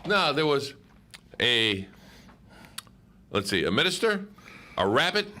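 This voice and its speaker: Man, radio co-host, very animated pitch, bright tone, playful teasing, quick interjections. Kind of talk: casual radio chat. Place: radio studio.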